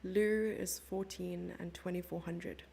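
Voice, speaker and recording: A woman's voice: fairly low pitch, fairly even intonation, measured pace, creaky, mellow, a little hiss or hum. A young South African woman commentating a chess stream live and chatting with her viewers in a giggly, casual way. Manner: chatty, giggly, reads chat messages aloud.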